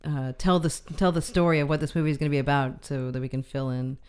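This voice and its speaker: A woman's voice: low-pitched, fairly even intonation, quick pace, a little mellow, clean tone. A woman co-hosting a film podcast, chatting in a dry, teasing way. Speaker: podcast co-host, film critic. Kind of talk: casual chat.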